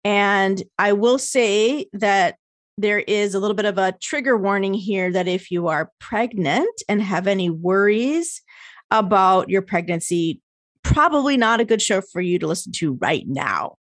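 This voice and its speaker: A woman's voice: medium pitch, animated, measured pace, no echo. American woman, podcast host, casual chat, laughs a lot, dry close sound. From United States. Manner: chatty, laughs often, swears casually. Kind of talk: casual interview.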